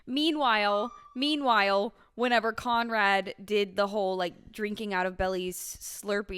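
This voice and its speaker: A woman's voice: medium pitch, fairly even intonation, a little slow, few pauses, a bit bright, clean tone. A young woman in her twenties co-hosting a podcast in casual chat, chatty and self-mocking, laughing often. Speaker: podcast co-host.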